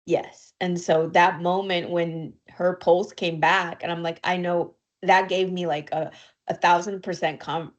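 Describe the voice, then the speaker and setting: A woman co-hosting a podcast, telling a personal story in an emotional, halting way, near tears. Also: lowish voice, little pitch movement. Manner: emotional, halting, with fillers and soft laughs. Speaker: podcast co-host.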